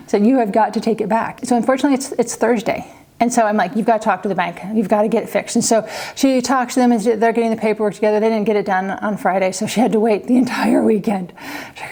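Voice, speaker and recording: A woman's voice: on the high side, steady tone, fast, mellow. A middle-aged woman from Kansas telling a family story in a chatty vlog, acting out the quoted voices with little laughs. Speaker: vlogger, mother.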